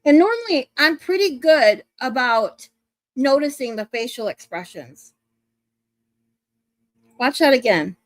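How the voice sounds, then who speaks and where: A woman with a high, bright-pitched voice gives casual true-crime commentary. She is blunt, swears freely and breaks in over paused clips. The sound is dry and close. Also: animated, no echo.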